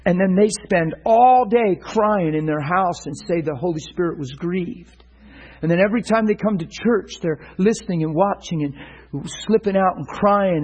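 Husky, earnest male preacher. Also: high voice, poor audio. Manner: earnest, animated, with stumbles and repeated words. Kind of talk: sermon-style teaching.

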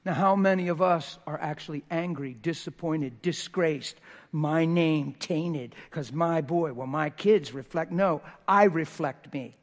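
A middle-aged man preaching a sermon in church, telling a story with emphasis and dropping from loud to hushed. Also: on the high side, measured pace. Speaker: pastor. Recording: long reverb in a church hall.

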